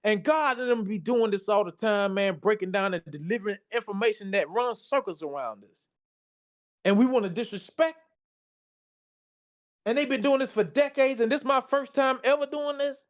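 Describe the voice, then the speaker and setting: A man's voice: high voice, normal speed, lo-fi sound. A tired man giving a casual, slangy presentation, reading slides aloud and reacting to them. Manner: loose, slangy, talks back to the slides.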